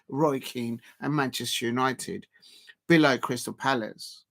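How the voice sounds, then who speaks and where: A man's voice: medium pitch, unhurried, creaky. A man hosting a casual football live stream, talking in a rambling, emphatic way with frequent restarts.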